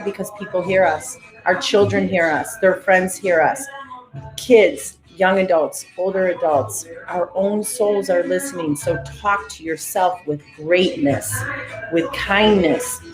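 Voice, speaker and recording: Motivational woman coach, roomy echo. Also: fairly low pitch. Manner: motivational, commanding, repeats cues. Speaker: breathwork and affirmation coach. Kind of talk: guided breathing and affirmations. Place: live-streamed session in a roomy space.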